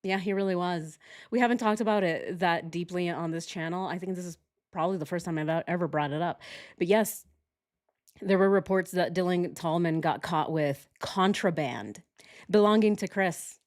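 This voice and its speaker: A woman's voice: on the low side, normal speed, darkish tone. Sarcastic, chatty woman vlog host. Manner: sarcastic, laughs often, chatty. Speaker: channel host. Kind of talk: true-crime commentary vlog.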